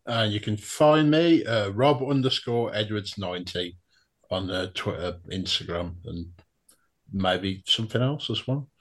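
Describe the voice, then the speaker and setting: A man's voice: fairly low pitch, measured pace. A man on a casual podcast, talking hesitantly with fillers.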